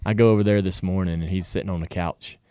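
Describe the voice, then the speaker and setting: A man, chatting casually as a co-host and telling stories with lively quoted voices. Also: low voice, fast talker, clear, resonant tone, no room sound, studio quality. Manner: drawling, storytelling with animated quoted voices. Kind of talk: casual chat.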